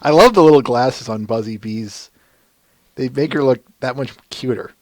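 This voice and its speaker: A man's voice: medium pitch, moderate pace, no room sound. A man hosting a podcast, chatting casually and laughing often. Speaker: podcast host. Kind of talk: casual chat.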